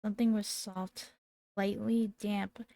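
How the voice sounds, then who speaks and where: A woman in her twenties, a gamer reading horror game text aloud in a slow, dramatic way. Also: mid-range voice, little pitch movement, creaky, warm tone, dry recording. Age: 20s. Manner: slow, dramatic reading with sudden startled outbursts.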